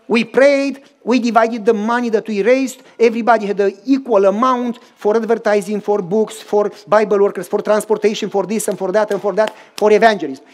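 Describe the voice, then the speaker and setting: A male pastor, preaching as he tells a story and acts out both sides of the dialogue. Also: high voice. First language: Romanian. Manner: acts out dialogue with lively voice swings. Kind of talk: storytelling sermon.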